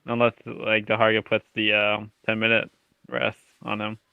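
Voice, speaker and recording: A man playing a tabletop game, chiming in with quick, reactive remarks. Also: lowish voice, monotone, smooth, no echo, narrow, tinny audio. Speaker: player. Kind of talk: casual tabletop game chat.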